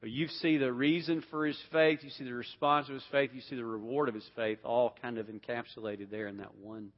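A man's voice: mid-range voice, steady tone, fairly quick. A man leading an interactive Bible class, asking the group questions and often restarting his sentences. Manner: asks questions, repeats words, restarts often. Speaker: Bible teacher. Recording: dull sound with long hall reverb.

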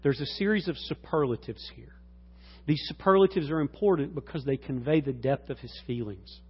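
A man preaching a sermon as a pastor, swinging from low, quiet passages to loud, high-pitched exclamations. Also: normal speed, breathy edge. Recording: dull lo-fi recording.

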